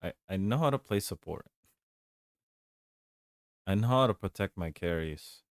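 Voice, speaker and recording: Deep, slow, laid-back male streamer. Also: lively intonation, no echo, studio quality. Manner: rambling, laid-back, chuckles often. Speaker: game streamer. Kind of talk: casual gaming stream chat.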